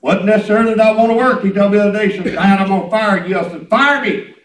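A man's voice: high-pitched, very fast. A middle-aged man preaching a folksy, emphatic sermon and repeating himself for effect. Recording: echoey room, from a distance.

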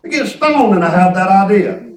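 A man's voice: sits high, lively intonation, normal speed, a little mellow. A man preaching in a casual, conversational way, telling folksy stories and often restarting his words. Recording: echoey room, distant mic.

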